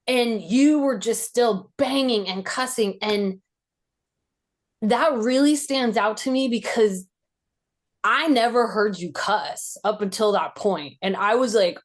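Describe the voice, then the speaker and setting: A woman speaking slowly and thoughtfully, piecing together a childhood memory in a podcast interview. Her speech is halting and full of "like" fillers, and she lifts into strong emotion as tense moments come back to her. Her pitch sits in an ordinary middle range. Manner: reflective and halting, with many "like" fillers. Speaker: podcast host. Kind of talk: personal recollection in a podcast interview.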